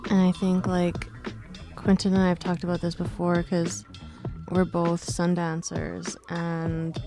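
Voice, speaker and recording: Woman panel moderator, low flat gravelly voice, unhurried and thoughtful, faint music under. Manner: thoughtful, searching for words, frequent fillers. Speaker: panel moderator and community support worker. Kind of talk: radio panel discussion.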